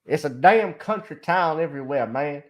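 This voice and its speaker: A man's voice: on the high side, animated, moderate pace. A male talk show host in casual commentary, joking and profane and laughing often.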